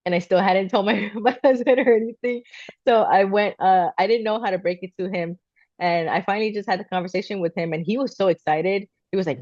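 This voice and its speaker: A woman in her thirties co-hosts a podcast, casually telling a personal story and animatedly acting out what her family said. She has a mid-range voice and talks a little fast, on a dry recording with the highs cut off.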